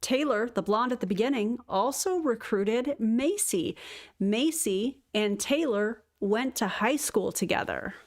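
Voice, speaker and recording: A woman's voice: on the high side, animated. A woman streamer giving sarcastic live commentary on a recruitment call. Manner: sarcastic, quick asides.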